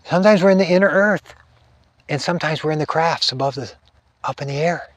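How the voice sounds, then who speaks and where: A man imitating a soft-spoken female spirit that speaks through a woman, in a light, airy, sing-song lilt. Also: on the high side, a little fast, dry recording, pitched above the performer's own voice, close to an everyday voice. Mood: dreamy.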